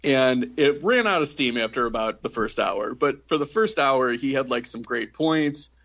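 A man co-hosting a podcast in casual chat, rambling with many fillers and quick giggles. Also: medium pitch, expressive, a bit bright, lo-fi sound. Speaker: podcast co-host.

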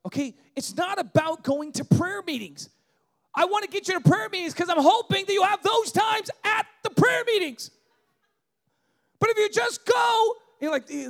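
With a very high voice, a male pastor preaches a passionate sermon, often breaking into shouts. He keeps checking in with the congregation through quick "right?" tags.

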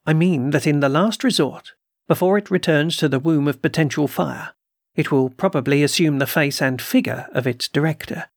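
A man reading as a composed doctor of the occult in a storybook recording, speaking quietly and deliberately. His voice is slightly raised and gravelly. The recording is dry and close. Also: on the high side, no echo. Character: calm deliberate male occult doctor, measured. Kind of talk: audiobook character reading.

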